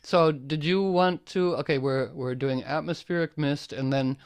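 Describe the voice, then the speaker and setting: A man's voice: on the high side, moderate pace, clear, resonant tone. A man leading a casual group chat, hesitant with many fillers, sometimes reading aloud with feeling. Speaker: discussion leader.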